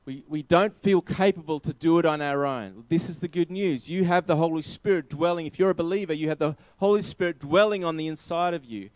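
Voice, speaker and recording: A man delivering a sermon in a fairly high voice, driving each point home by repeating it. The sound is dry and close, with no room echo. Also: a little fast, hardly any pauses, darkish tone. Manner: emphatic, repeating key phrases. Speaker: preacher.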